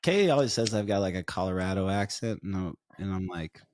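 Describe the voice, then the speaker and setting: Chill lower-voiced guy hosting a podcast, easygoing and upbeat. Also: animated, a little fast, a little mellow. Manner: laid-back, upbeat sign-offs. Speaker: podcast host. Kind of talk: casual chat.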